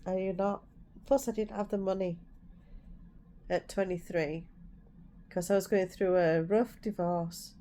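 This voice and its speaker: A Yorkshire woman tells a candid personal story in her vlog, speaking frankly and from the heart as she recounts what happened and heatedly repeats what she said back then. Her voice is medium-pitched, steady and warm, and she talks unhurriedly with long pauses. There's a faint hiss or hum in the recording.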